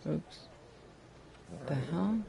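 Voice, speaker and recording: Low, gravelly-voiced woman streamer; foul-mouthed, chatty with viewers. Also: lively intonation, drawn-out words, dark tone, a little hiss or hum. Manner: profane, chatty, greets viewers affectionately. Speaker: game streamer. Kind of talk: casual live-stream chat while gaming. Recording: clear game music underneath. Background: game music.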